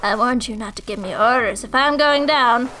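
A cornered male burglar in a game shouts threats, voiced by a woman doing a jokey put-on voice. The voice sits raised, bright and loud. A faint hiss hangs behind it. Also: a little high, a little fast, rough recording. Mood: threatening.

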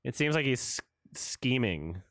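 A man's voice: mid-range voice, big pitch swings, a little slow, over music. Sarcastic man reacting to a trailer. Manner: sarcastic, laughing, swearing. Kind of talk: casual reaction commentary.

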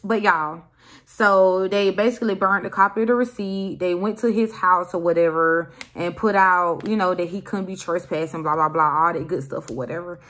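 A young woman vlogger telling a storytime story in an animated, emphatic way. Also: on the low side, normal speed. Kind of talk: casual storytime.

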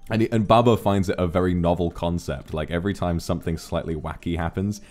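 A man chatting casually on a livestream, relaxed and a little drowsy, telling stories and thanking viewers. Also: sits low, fast talker. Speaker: streamer. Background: faint music.

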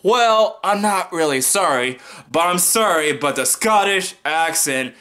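A young American man giving loud, mocking political commentary, laughing now and then as he talks. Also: high-pitched, expressive, unhurried. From United States. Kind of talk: casual opinion commentary.

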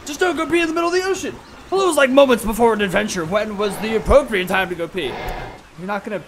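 A young man commentating his game play, excitable and profane, often yelling at the screen. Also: high-pitched, background noise. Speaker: gaming YouTuber.

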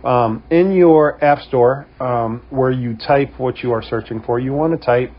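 Husky New England man explaining. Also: mid-range voice, unhurried, few pauses, dull audio. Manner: relaxed, many "um" fillers. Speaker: host of a security camera company channel. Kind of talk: casual how-to tutorial.

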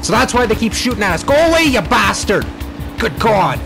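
A young man hosting let's play commentary, excitable and frantic, swearing often. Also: sits high, a little fast, gravelly. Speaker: gaming channel host. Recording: game music underneath.

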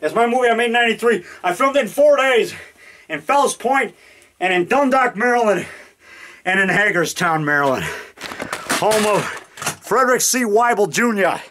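A man's voice: high-pitched, animated, moderate pace, pauses often, bright, forceful tone. A man in his fifties making a rambling, boastful, jokey vlog to a camera in his home basement. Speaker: low-budget horror filmmaker. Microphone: camera mic.

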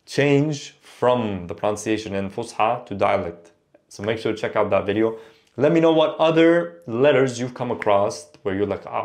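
A man's voice: mid-range voice, a little mellow. Man teaching sounds, patient. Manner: explanatory, repeats words slowly for learners. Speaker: Arabic teacher. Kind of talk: online language lesson.

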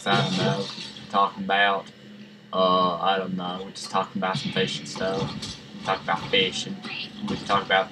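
A man giving rambling, jokey let's-play commentary that breaks into sudden excited yelps. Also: sits low, moderate pace, very noisy. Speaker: gaming channel host. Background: game music.

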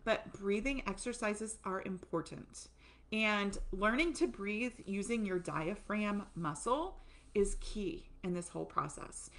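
A woman teaching an online course to camera, excited and talking fast, with animated asides as she demonstrates breathing. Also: medium pitch. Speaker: course instructor.

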